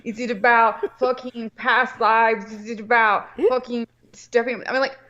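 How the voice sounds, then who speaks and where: A woman's voice: fairly high pitch, steady tone, a little slow, bright, forceful tone, dull audio. A woman in a casual call-in chat, blunt and outspoken, swearing freely. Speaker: co-host.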